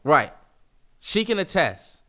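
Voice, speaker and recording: Young male co-host, high and bright, animated and profane, does mocking impressions. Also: slow pace. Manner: animated, swearing, mocking impressions of his brother. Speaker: podcast co-host. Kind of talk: casual heated banter.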